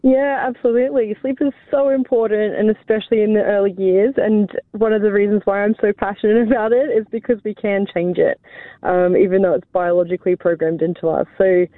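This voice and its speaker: A woman's voice: medium pitch, steady tone, a little fast, dry recording. A woman researcher talking on a phone interview, chatty with frequent ums and small laughs. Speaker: sleep researcher guest. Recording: tinny phone line, dry.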